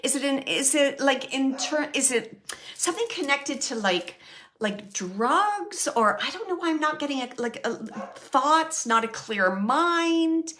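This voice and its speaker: A woman hosting a live mediumship reading, who speaks tentatively with many fillers and restarts and often sinks to a soft murmur. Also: sits high, animated, measured pace, slight background noise. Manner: often drops to a soft, near-whispered murmur. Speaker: psychic medium host.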